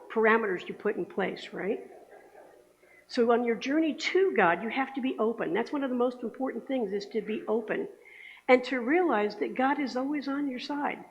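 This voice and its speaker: A woman's voice: on the high side, slight background noise. A woman giving a conversational sermon in a church, often checking in with the congregation. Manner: chatty, asks the congregation for agreement. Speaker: speaker giving the Sunday message. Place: church sanctuary. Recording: echoey hall, dull lo-fi sound.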